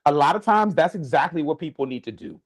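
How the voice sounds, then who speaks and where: A man's voice: on the high side, lively intonation, fast talker, slightly rough. A man co-hosting a podcast, giving advice in an earnest, casual way with many restarts. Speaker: podcast co-host.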